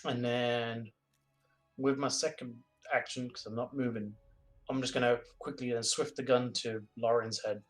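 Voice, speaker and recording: A man with an ordinary mid-pitched voice plays a tabletop game, talking in a blunt, joking way. Faint music sits under his voice. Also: level tone, moderate pace. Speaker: player. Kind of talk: casual tabletop play.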